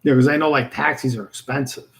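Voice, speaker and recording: A man's voice: mid-range voice, steady tone, fast, creaky, fairly bright tone, low-quality recording. Chatty Brooklyn man on a livestream. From New York. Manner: rambling, friendly, lots of fillers and restarts. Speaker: livestream host chatting with viewers. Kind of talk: casual live chat.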